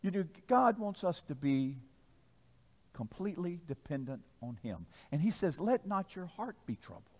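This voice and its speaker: A man preaching a sermon to a congregation, telling a story, swinging between loud exhortation and soft asides, asking the crowd questions. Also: high voice, sing-song, normal speed. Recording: long reverb of a large hall.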